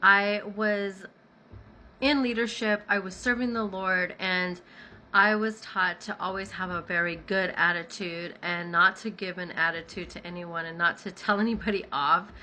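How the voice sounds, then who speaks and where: Bright-voiced woman telling a personal story. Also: fairly low pitch, moderate pace, slight background noise, poor audio. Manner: animated retelling with acted-out dialogue. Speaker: storyteller recounting personal experience. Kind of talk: casual storytime vlog.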